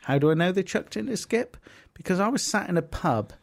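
A man's voice: sits high, lively intonation, quick pace, creaky. A man co-hosting a comedy podcast, rambling and jokey, with plenty of swearing. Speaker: podcast co-host. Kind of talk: casual banter.

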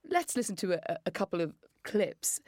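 A woman's voice: lowish voice, sing-song, normal speed, a little mellow, dry recording, clean studio sound. A woman hosting an interview, asking probing, direct questions. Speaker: interviewer host. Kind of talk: interview conversation.

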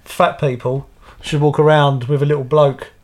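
A man's voice: fairly high pitch, level tone, normal speed, a little mellow. A man, co-hosting a casual podcast and throwing in dry teasing jokes. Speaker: podcast co-host. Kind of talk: casual chat.

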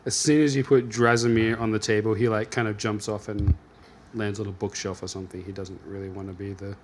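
A man's voice: lowish voice, level tone, fairly quick, slight background noise. A man hosting and narrating a tabletop game casually, laughing often and using many fillers. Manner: loose, laughing, filler-heavy. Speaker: game master and host.

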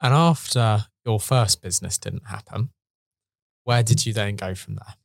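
A man's voice: lowish voice, unhurried, gravelly, dry recording, clean studio sound. A male interviewer who drops in short follow-up questions and sums up his guest's points. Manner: brief summarizing interjections. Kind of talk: interview prompts.

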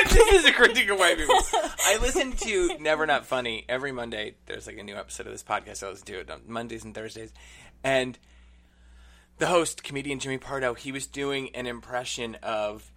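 Lively, bright-voiced man chatting. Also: medium pitch. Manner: chatty and animated, with quick asides and laughter. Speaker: podcast co-host. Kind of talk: casual chat recapping an episode.

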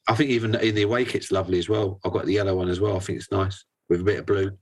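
Relaxed guest, low-voiced man. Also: racing. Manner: relaxed, rambling, many fillers. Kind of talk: casual video-call interview.

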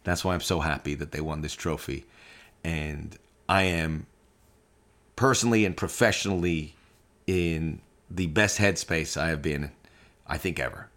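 A man hosting a soccer podcast, telling a heartfelt personal story with animated quoted dialogue. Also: rumbling low, measured pace, long pauses. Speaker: podcast host.

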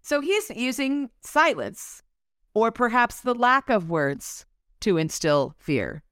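A woman's voice: fairly high pitch, sing-song, slow, fairly bright tone, no room sound, clean studio sound. A woman co-hosting a book club podcast, reading passages aloud and then riffing on them casually, swearing now and then. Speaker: podcast co-host.

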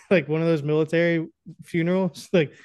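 A man's voice: fairly high pitch, steady tone, normal speed, darkish tone, no room sound. Rambling, crude young male podcaster. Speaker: podcast co-host. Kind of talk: casual chat.

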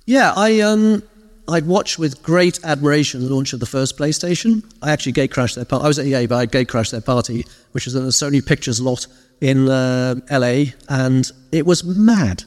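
A man as an interview guest, casually telling animated stories and acting out quoted lines. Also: mid-range voice, normal speed, big-room sound. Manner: lively storyteller, animated quoted asides. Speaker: interview guest, former games PR director. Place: live event stage.

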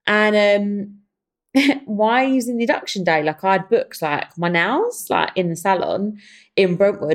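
A young woman, hosting her own podcast and telling a story in a casual, animated way, often calling her listeners "guys". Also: lowish voice. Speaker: podcast host. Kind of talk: casual chatty monologue.

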